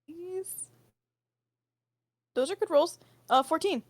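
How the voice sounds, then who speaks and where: A woman playing in a tabletop game, chatty and quick to react. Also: on the high side. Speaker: player. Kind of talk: casual tabletop game chat.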